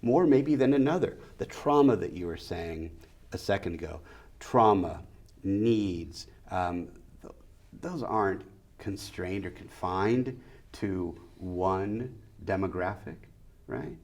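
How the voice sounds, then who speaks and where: Low-voiced emphatic man, interview guest. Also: slow, a little mellow. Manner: emphatic, repeats key phrases in lists. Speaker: school district superintendent. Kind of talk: interview answers.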